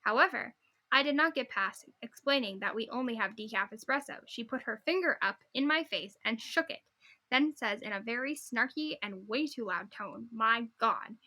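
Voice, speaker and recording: A woman's voice: a little high, moderate pace. A young woman co-hosting a podcast, chatting casually and reading posts aloud while often breaking into giggles. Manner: giggly and animated, often laughing mid-sentence. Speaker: podcast co-host.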